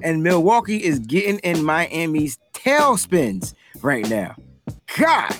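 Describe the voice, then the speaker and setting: A man's voice: a little high, sing-song, slow pace, fairly bright tone, faint music behind. A man co-hosting a casual sports fan podcast, talking in loose slang and laughing often. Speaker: podcast co-host.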